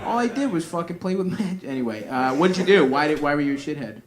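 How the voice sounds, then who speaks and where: A man's voice: on the high side, animated, fast. A man co-hosting a live comedy podcast, rambling in profane, laughing riffs. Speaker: comedian co-host. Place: live show stage. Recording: live show with crowd noise. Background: audience laughter.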